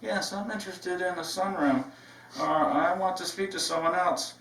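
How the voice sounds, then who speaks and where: A man's voice: high-pitched, moderate pace, fairly bright tone, pitched above the performer's own voice. A man playing a plain male phone caller. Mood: matter-of-fact. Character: ordinary male customer calling about a sunroom. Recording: roomy sound from a distance.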